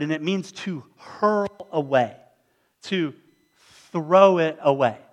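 Male pastor, high-pitched, dramatic storyteller in the pulpit. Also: a bit bright. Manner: dramatic storytelling, acts out voices. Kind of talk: sermon.

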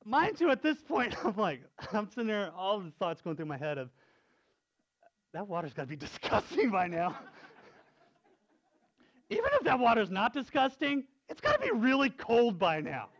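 Man, high voice, casual storytelling, laughs a lot, dull lo-fi sound. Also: a little fast, hardly any pauses. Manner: animated, laughs often while telling. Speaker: youth pastor telling a story.

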